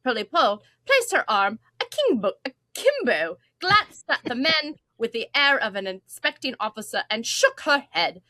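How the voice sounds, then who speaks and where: A woman's voice: high-pitched, very animated, a little slow, few pauses, sharp tone, dry recording, full character voice. A woman voicing a Victorian newspaper reader in a put-on Cockney accent, reading in an over-dramatic, theatrical way. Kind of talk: podcast chat.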